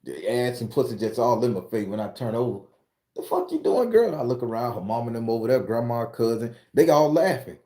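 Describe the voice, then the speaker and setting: A man from Florida, hosting a casual live chat and telling stories in a profane, animated way. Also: medium pitch, fast talker, few pauses. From southern Florida. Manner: profane, animated storyteller reading out viewer comments. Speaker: host.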